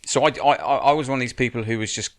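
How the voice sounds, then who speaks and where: Racing along in a mid-range, slightly bright voice, a podcast guest gives blunt, casual advice. He's a stunt coordinator and military adviser who curses and often starts his sentences again.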